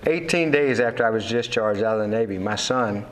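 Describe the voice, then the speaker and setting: In an interview, an older man who served in the Navy and captained fishing boats tells his life story openly. His fairly low, expressive voice moves a little fast, rambling through fillers and restarts as he imitates characters from his tales.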